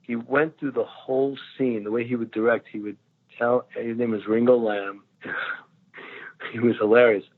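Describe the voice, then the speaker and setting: A man in his sixties, a guest actor, telling lively anecdotes in a casual chat and laughing often. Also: medium pitch, normal speed. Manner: animated storyteller, laughs often. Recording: tinny phone line.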